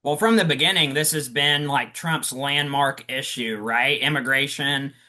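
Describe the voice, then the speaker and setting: A man with a bright, forceful voice co-hosts a casual political podcast. He argues his points with a wry edge and a conversational flow. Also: medium pitch, measured pace. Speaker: podcast co-host.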